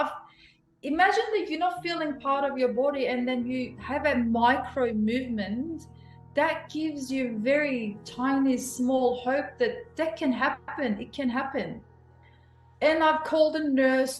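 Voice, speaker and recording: A woman in her forties tells her personal story as an interview guest, emotional and animated, with many restarts. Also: fairly high pitch. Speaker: guest, clinic founder. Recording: roomy echo, faint music.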